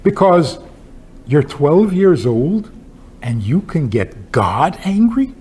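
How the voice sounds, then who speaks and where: A man's voice: a little high, sing-song, slow pace, darkish tone, husky. A man, a rabbi, giving a talk with humorous stories and pointed rhetorical questions in an emphatic, wry manner. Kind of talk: lecture with humorous storytelling.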